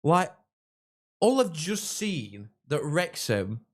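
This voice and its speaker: A young man from England, hosting a live football watchalong and chatting with viewers, reacting loudly to goals. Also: on the high side, big pitch swings, slow pace. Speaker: livestream host.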